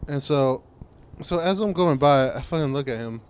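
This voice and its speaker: A young man co-hosting a casual podcast, telling an animated, profane story about a stranger. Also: on the high side, moderate pace, smooth. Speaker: podcast co-host. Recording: faint background noise.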